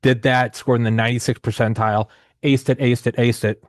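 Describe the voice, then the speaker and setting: A man's voice: medium pitch, little pitch movement, a little fast, dry recording, studio quality. A man in his thirties telling a long personal story in casual conversation, rambling and profane with many restarts and fillers. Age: 30s.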